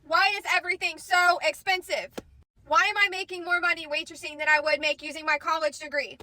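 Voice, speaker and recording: A woman's voice: very high-pitched, steady tone, brisk, bright, forceful tone, dry recording, low-quality recording. A woman in her twenties complaining to camera, indignant and full of questions. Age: 20s. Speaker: social media poster.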